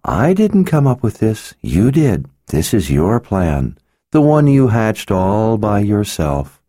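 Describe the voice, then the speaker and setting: A man voicing a sly, seductive woman in disguise who teases slowly and knowingly, in an audiobook. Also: on the low side, very animated, dark tone, dry recording, studio quality, pitched above the performer's own voice, heavily acted. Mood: sly teasing. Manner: teasing, knowing, unhurried.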